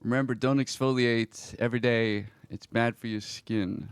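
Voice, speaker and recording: A man streaming a roleplay game, reading in-game messages aloud slowly and reacting to them in a quiet, reflective way, with sighs between lines. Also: mid-range voice, steady tone, clean tone, no echo.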